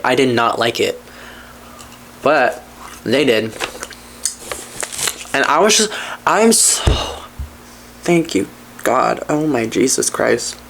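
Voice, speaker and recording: Candid, profane podcast host rambling. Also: slight background noise. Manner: animated, jumps between low mutters and excited highs. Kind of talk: casual storytelling chat.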